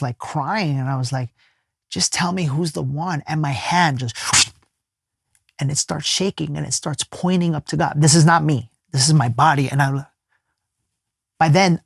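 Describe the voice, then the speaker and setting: A man, a life coach appearing as a podcast guest, telling a personal story in an earnest, emphatic way and sometimes dropping to a soft hush. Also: fairly high pitch, vocal fry, slightly rough, no echo, clean studio sound. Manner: casual speech with many fillers and restarts.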